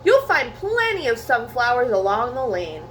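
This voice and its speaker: Grumpy blackbird guy a lady puts on, hushed grumbly storybook voice. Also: fairly high pitch, huge pitch swings, normal speed, a little hiss or hum.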